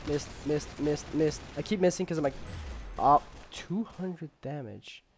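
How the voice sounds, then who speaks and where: A young man casually commenting on his gameplay, rambling with lots of fillers and jokes, and sometimes yelling when excited. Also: a little high, a little slow, soft background music. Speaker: gamer.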